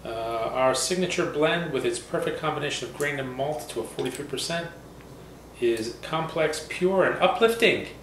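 Male co-host, casual tasting banter, reads labels haltingly, roomy echo, faint hiss. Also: fairly high pitch, a bit bright. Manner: jokey, halting, reads aloud slowly. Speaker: whiskey review co-host. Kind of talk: casual tasting chat, reading product notes. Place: home room.

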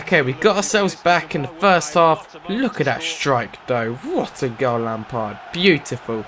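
A young British man giving gameplay commentary on a football video game, excitable and sarcastic, shouting at goals. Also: a little high, measured pace, few pauses. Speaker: gaming commentator.

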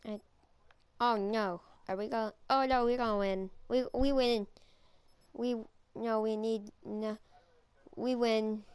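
A woman's voice: fairly high pitch, fairly even intonation, takes it slowly, darkish tone, smooth, dry recording. A woman giving playful, goofy live commentary while playing a shooter game, with silly chants and voices. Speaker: gamer.

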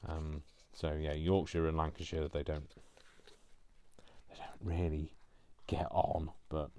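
A man's voice: rumbling low, level tone, takes it slowly, darkish tone, slight background noise. A man talking casually while he crafts, rambling and teasing himself along the way. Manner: rambling, self-mocking asides. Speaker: craft vlogger.

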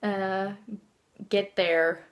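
A woman's voice: medium pitch, level tone, drawn-out words. Chatty young Dutch woman vlogging. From Netherlands. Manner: rambling and chatty, laughs often, many fillers. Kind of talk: casual vlog chat. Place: her bedroom at home.

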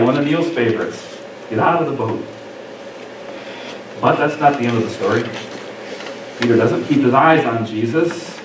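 A man preaching a sermon as pastor, expressive, acting out the lines he quotes. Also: fairly high pitch. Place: church sanctuary. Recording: echoey church room from far off, faint noise.

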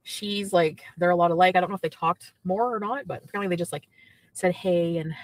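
A woman's voice: lowish voice, a little fast, poor audio. A woman chatting casually on a livestream from her car, gossiping and reading out chat messages.

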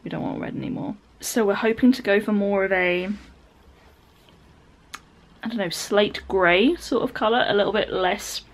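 Speaking at medium pitch and normal speed with long pauses, a vlogger in her twenties rambles and giggles on camera. She has a British accent and is filming indoors in her living room.

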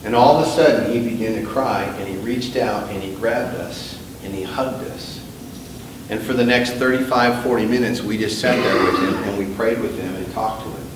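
A male pastor delivering a sermon, moving from quiet storytelling to loud, drawn-out emphasis and drawing call-and-response from the congregation. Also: on the low side, noisy background. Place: church sanctuary. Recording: echoey church sanctuary, mic at a distance.

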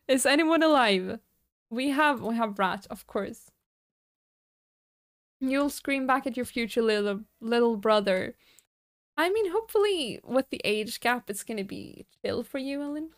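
A woman streaming a game, rambling through casual chat with her viewers and laughing often. Her voice sits high, and she takes her time over her words. The sound is dry and close, from a desk microphone. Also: animated, measured pace, pauses often, no room sound. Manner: chatty and giggly, laughs often; rambling, reads out and answers chat.

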